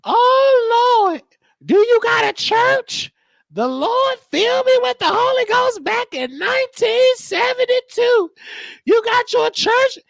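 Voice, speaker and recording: Brief: man voicing his shouting, preachy old grandma, very high and gravelly. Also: animated, takes it slowly, dry recording, heavily acted. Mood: testifying. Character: fervent churchgoing old grandmother.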